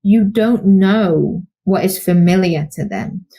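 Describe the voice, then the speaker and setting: A woman's voice: medium pitch, takes it slowly, slightly rough. A young woman co-hosting a podcast, speaking conversationally and animatedly, often acting out the voices of people in her stories. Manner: animated storytelling, acts out quoted voices. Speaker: podcast co-host, psychologist.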